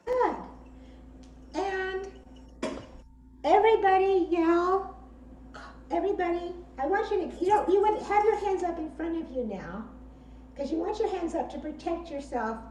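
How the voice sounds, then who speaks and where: A woman instructor leading an online self-defense workshop, encouraging and giving clear commands. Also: very high-pitched, a little slow, long pauses, warm tone, echoey room, slight background noise, poor audio. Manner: encouraging, gives clear commands, laughs easily. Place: indoor room. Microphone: video call.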